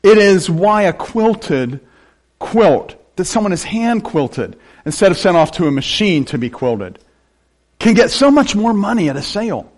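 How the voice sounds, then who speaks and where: Lively older preacher, man. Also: a little high. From western Pennsylvania. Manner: animated preaching with joking asides. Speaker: pastor. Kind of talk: sermon.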